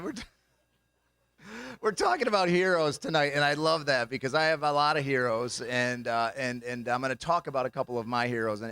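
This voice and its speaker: A man's voice: fairly high pitch, pushed and bright, clean tone, no echo. A young man doing a comedy routine as a banquet speaker, telling jokey stories and acting out the voices of people in them. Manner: jokey storytelling, acts out quoted voices. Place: banquet hall.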